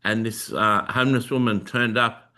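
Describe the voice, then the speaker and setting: A man hosting his own channel, telling a personal religious testimony in a halting way with many filler sounds and restarts. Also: on the low side, fairly even intonation, bright, forceful tone. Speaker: Christian video host sharing testimony.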